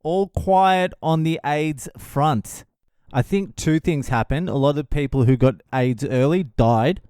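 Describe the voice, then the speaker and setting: A man with a smooth, resonant voice that sits a little high rides through a profane comic monologue. He is blunt, swears constantly and breaks into laughter at his own jokes. The recording is close and dry, with no room sound. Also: unhurried, a little mellow, no echo. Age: adult father of a young child. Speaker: comedian podcast host.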